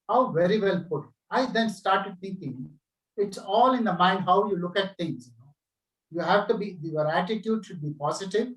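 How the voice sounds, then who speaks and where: A man with a high voice tells anecdotes and acts out quoted dialogue in a speech to his club. He sounds a little distant from the mic, and the room around him is echoey. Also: normal speed. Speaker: club speaker. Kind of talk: storytelling speech. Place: online club meeting.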